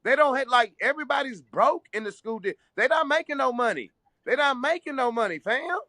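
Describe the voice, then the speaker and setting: Podcast co-host, a man with a high, bright voice, hot-tempered and slangy, recorded dry. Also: animated, brisk, no echo. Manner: heated, slangy, repeats himself. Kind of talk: casual debate chat.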